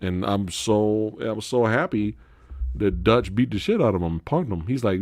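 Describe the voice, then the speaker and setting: A man talks casually on his live stream, swearing freely and laughing as he tells stories. His voice sits low, and his pitch jumps around a lot. The sound is dry and close to the mic. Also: normal speed, no echo. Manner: profane, animated storytelling with frequent laughter. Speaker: host.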